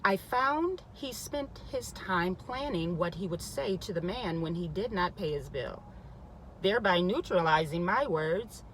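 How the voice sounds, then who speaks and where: A woman's voice: on the low side, lively intonation, measured pace, fairly bright tone, slight background noise, low-quality recording. A woman reading a spiritual self-help book aloud, often stopping to repeat passages and add emphatic comments of her own. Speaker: reader.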